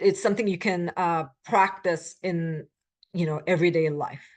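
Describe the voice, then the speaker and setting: A woman teaching a beginner language lecture, explaining step by step, with frequent filler pauses while she models short phrases. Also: on the low side. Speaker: Korean language instructor.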